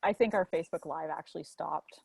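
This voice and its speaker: A woman co-hosting a casual online chat, speaking in an easygoing, conversational way. Her voice sits a little low for a woman and sounds dry and close. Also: fairly quick, vocal fry, husky, no room sound. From Canada. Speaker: co-host.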